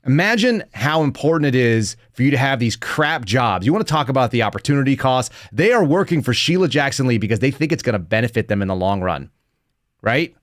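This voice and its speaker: A man's voice: medium pitch, lively intonation, a little fast, dry recording, clean studio sound. A man in his thirties hosting a live podcast, giving blunt, mocking commentary and laughing often. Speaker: podcast host.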